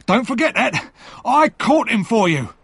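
A man's voice: fairly high pitch, big pitch swings, measured pace, husky, no echo, pitched above the performer's own voice, full character voice. Man putting on a fierce convict. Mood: defiant. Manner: loud, forceful and defiant. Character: rough desperate male convict, fierce and bitter.

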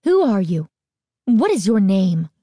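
Shrill angry mother, as a woman reader puts her on. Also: sing-song, normal speed, mellow, no echo, clean studio sound. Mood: angry, demanding. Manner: demanding, indignant.

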